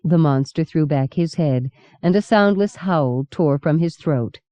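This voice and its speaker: A woman narrating an audiobook in a measured, steady reading. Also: low-pitched, dry recording. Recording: dull lo-fi cassette recording.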